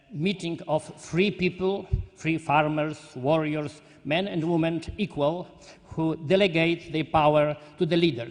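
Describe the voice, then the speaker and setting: A man from Poland with a Polish accent, speaking at a conference, halting and earnest as he searches for words. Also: fairly high pitch. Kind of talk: conference speech. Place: large conference hall. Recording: long hall reverb.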